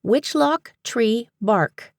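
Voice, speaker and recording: A woman's voice: mid-range voice, sing-song, unhurried, no echo, clean studio sound, pitched above the performer's own voice. A woman voicing a flustered, anxious young woman librarian. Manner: flustered, startled.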